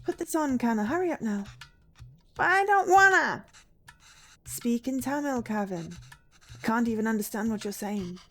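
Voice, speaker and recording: A woman reading the lines of a young mother in a story game, brisk and motherly. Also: fairly high pitch, lively intonation, voice pushed up. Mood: coaxing. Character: caring young mother, calm and gently firm.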